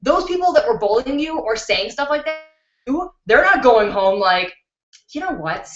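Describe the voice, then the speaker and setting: A woman's voice: high voice, sing-song, normal speed, faint music behind. A young woman hosting a beauty channel live stream, chatting candidly with viewers and laughing easily, recorded on a built-in computer mic. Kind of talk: casual live-stream chat answering viewer questions. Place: indoors at home. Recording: dull, roomy laptop-mic recording.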